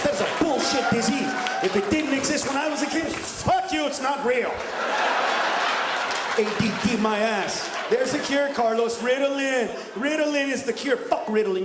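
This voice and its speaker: A male stand-up comedian ranting profanely and shouting his punchlines on stage. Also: very high voice, very noisy. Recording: echoey live comedy club with crowd.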